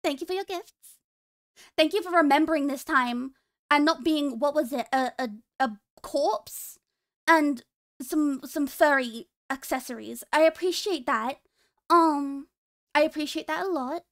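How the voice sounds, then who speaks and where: A woman's voice: high-pitched, unhurried, fairly bright tone. A woman streaming casually, teasing and joking with her chat and laughing often.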